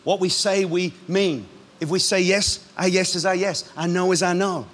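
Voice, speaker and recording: A man, a pastor, preaching a sermon in a lively, punchy way with quick asides. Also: high voice.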